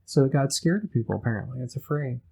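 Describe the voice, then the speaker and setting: A man's voice: medium pitch, lively intonation, fast, creaky, mellow, slightly rough, low-quality recording. Joking male podcast co-host. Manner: jokey, interrupts with wisecracks. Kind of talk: casual chat, reading news.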